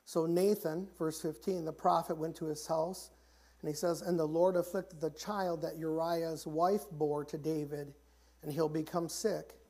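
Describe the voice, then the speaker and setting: A man preaching a church sermon, often repeating and restarting phrases and rising in pitch and volume when he reaches the pleading passages. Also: steady tone, measured pace. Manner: grows louder and higher when pleading passages. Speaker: pastor. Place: church sanctuary.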